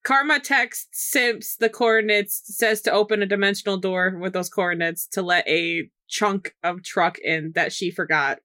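Woman, tabletop game player, bright voice, measured. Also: mid-range voice, no room sound, clean studio sound.

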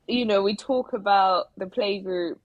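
A woman co-hosting a podcast in casual chat, telling an animated story and acting out the voices of others. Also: mid-range voice, measured pace, no echo, dull audio. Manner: animated storyteller, acts out quotes. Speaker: podcast co-host.

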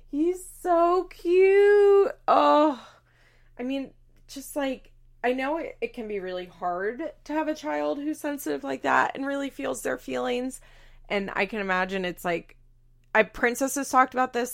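A young woman hosts a podcast in loose, casual chat, full of "like" and the occasional swear word. Her voice sits in an ordinary middle register with a noticeable gravelly fry. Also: mid-range voice, fairly bright tone. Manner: chatty, lots of fillers, swearing, laughs often. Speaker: podcast host.

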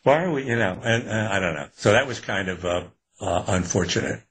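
Husky older man, rambling and relaxed. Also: lowish voice, brisk. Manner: relaxed, rambling, laughs often. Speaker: author guest. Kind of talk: casual interview talk.

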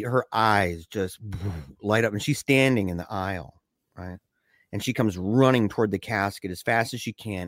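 A man chatting casually on a podcast, animated and quick to rise in pitch, dropping low and quiet for serious stories, with frequent stammers and restarts. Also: dry recording, studio quality. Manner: animated, pitch jumps up when excited, drops low and quiet for somber stories. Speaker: podcast co-host discussing a film. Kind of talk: casual conversational discussion.

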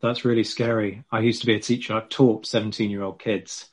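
A man's voice: fairly low pitch, level tone, brisk, husky. Man explaining history. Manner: explanatory, lecturing tone with fillers. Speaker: podcast co-host, former teacher. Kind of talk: casual history chat.

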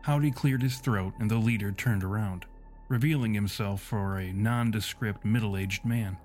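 A man narrating a gritty fantasy story in a steady, measured audiobook delivery. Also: on the low side. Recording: faint music underneath.

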